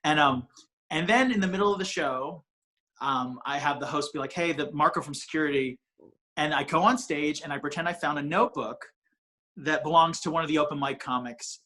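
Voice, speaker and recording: A man's voice: fairly high pitch, brisk, bright, forceful tone. A man, a comedian guest, talking casually on a podcast in a rambling way with many restarts. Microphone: ring light setup, home video call.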